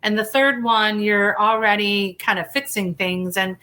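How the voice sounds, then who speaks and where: A woman's voice: medium pitch, fairly even intonation, unhurried, pushed and bright. A woman hypnotherapist telling her story in a casual interview, chatty, often restarting sentences and acting out the dialogue she quotes.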